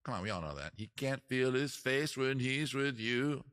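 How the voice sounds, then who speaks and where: A man's voice: medium pitch, animated, moderate pace, fairly bright tone, smooth. A man hosting a casual live-stream trivia quiz, joking around and teasing the players. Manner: joking, teasing, crude asides. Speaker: host running a trivia quiz.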